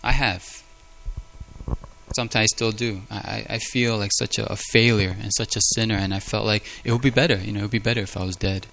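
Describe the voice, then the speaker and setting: A man's voice: fairly low pitch, fairly even intonation, brisk, vocal fry, a bit bright. A man preaching a sermon in an earnest, confessional way, often repeating words as he speaks. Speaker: pastor.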